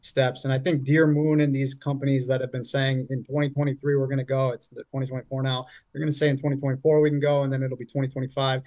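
A man arguing his side in an online debate, halting and often restarting his words. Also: medium pitch, flat delivery, a little mellow, dry recording. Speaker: flat earth debater.

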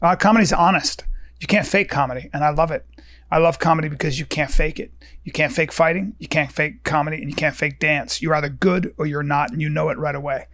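A man's voice: a little high, fairly even intonation, fast talker, fairly bright tone, dry recording. A man hosting a podcast, speaking in a blunt, emphatic casual chat with swearing. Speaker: podcast host.

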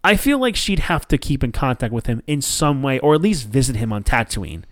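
A man's voice: medium pitch, very animated, fairly quick, no room sound, clean studio sound. A man hosting a podcast in casual chat. He tells stories with energy, swears freely, and acts out quotes from the people he talks about. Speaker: podcast host.

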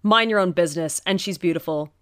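A soft-spoken, protective middle-aged father from a storybook reading, as a woman narrator puts him on. He sounds reassuring and calm, with a lowish voice recorded dry and close. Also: quick pace, no room sound, close to an everyday voice. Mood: stern.

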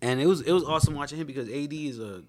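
A male comedian hosting a podcast, telling animated road stories and laughing often through them. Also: on the high side, racing. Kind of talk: casual podcast chat, storytelling.

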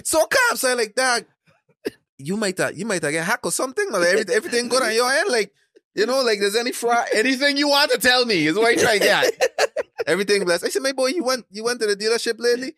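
A man casually telling stories about fixing credit, acting out phone calls with excited, animated voices. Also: extremely high pitch, fast talker, dry recording, studio quality. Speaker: credit repair entrepreneur, podcast guest. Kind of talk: casual storytelling chat.

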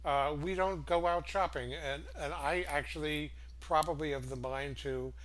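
A man's voice: fairly high pitch, fairly even intonation, unhurried, fairly bright tone. An older man co-hosting a casual chat, chuckling often and hesitating with many fillers. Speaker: co-host.

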